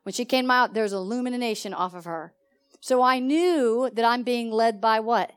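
Animated woman preacher questioning her congregation. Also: a little high, normal speed, smooth. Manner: animated and conversational, often asks the audience questions. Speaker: pastor teaching a congregation. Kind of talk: sermon. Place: church service.

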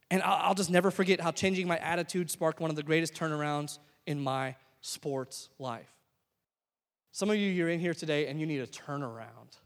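In a church sanctuary, a high-voiced young pastor preaches a sermon at a brisk pace. His delivery is emphatic, swinging between loud exhortation and soft asides.

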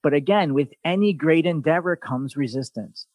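A male podcast host in loose, casual chat, swearing freely and slipping into sarcastic asides. His voice sits a bit high for a man, and the recording is close and dry with no room sound. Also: normal speed, dry recording. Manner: blunt, profane, animated storytelling.

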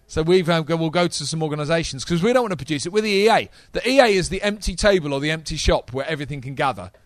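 A man preaching a sermon to a live congregation, energetic and talking straight to the audience. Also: fairly high pitch, rapid-fire, no echo.

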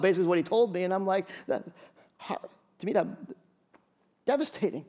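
High-voiced man preaching a sermon. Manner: animated storytelling with many quick restarts. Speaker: pastor.

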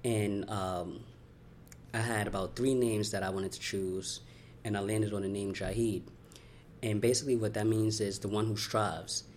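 A young man from Brooklyn, telling his life story in an interview, candid and heartfelt, talking in quick runs with lots of "you know" and "like.". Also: on the low side, fairly even intonation. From Brooklyn, New York. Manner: candid, fast-flowing, heartfelt, many "you know" and "like" fillers. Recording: faint background noise.

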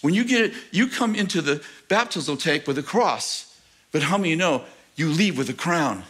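A middle-aged man preaching a sermon to his church, animated and joking with the congregation, asking rhetorical questions. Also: on the high side, moderate pace, slightly rough. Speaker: pastor. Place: church sanctuary.

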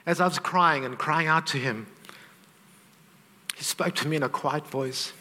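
A man's voice: a little high, measured pace, bright, forceful tone, big-room sound. A middle-aged man teaching on faith, earnest and heartfelt, openly emotional as he tells a family story. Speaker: Christian teacher.

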